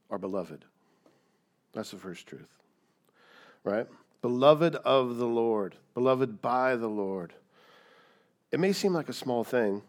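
A man preaching a sermon, emphatic, asking rhetorical questions and repeating key words. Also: mid-range voice. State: coughing, dry throat. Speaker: pastor.

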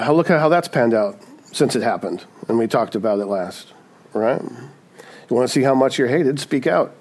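A man's voice: medium pitch, darkish tone. A man preaching a sermon in a conversational way, often asking "right?" and acting out quoted voices. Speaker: pastor.

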